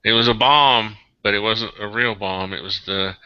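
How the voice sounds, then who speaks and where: A tired man hosting a casual online group chat, rambling and excitable, jumping into high-pitched outbursts. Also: measured pace, smooth, no echo, highs cut off. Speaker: host of an online hangout.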